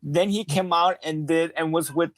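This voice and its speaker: A man's voice: on the high side, fairly even intonation, moderate pace, dry recording. A man guest on a casual podcast, telling stories in a rambling way with many restarts and some swearing.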